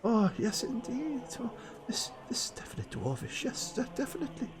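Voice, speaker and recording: A man voicing a fussy, excitable old male priest who stammers and gushes in a high, breathy voice. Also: takes it slowly, over music, full character voice. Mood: muttering.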